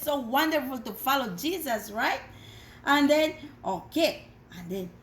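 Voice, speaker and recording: A woman teaching a Bible story to children, animated, with dramatic gasps. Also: high voice, a little hiss or hum. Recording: echoey room.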